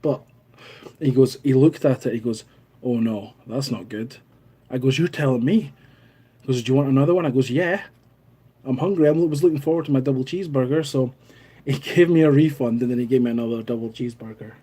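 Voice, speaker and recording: A man's voice: medium pitch, brisk, warm tone, breathy edge. A Scottish man hosting a casual live stream, telling a story and reading out viewer comments in a chatty way. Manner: chatty storytelling, laughs at own anecdote.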